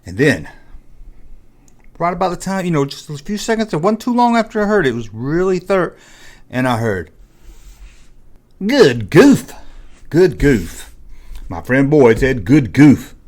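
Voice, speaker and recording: A man's voice: on the high side, big pitch swings, normal speed. A man hosting his own video, telling a story casually and acting out scenes with sound effects. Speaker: vlog host.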